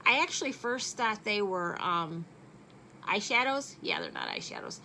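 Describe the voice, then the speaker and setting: A woman's voice: mid-range voice, wildly swooping pitch, moderate pace, bright, forceful tone, a little hiss or hum, rough recording. A middle-aged woman chatting casually through a makeup tutorial at home at night, joking at her own expense. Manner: chatty and self-deprecating. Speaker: makeup vlogger.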